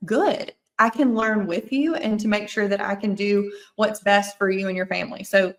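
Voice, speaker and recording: A woman's voice: mid-range voice, fairly even intonation, moderate pace. A woman with a Mississippi accent, an attorney on a podcast, explaining estate planning in an earnest, thorough way and often restating her points.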